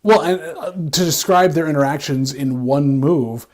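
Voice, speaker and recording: A man with a fairly high voice co-hosts a casual recap chat. He rambles in an animated way, stumbling and restarting his sentences. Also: a little slow. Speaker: podcast co-host.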